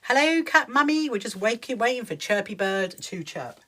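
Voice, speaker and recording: Hosting a casual sewing livestream from her sewing room at home, a woman speaks with a fairly high, slightly bright voice, lively intonation and moderate pace. She keeps things upbeat, greets viewers by name and laughs frequently.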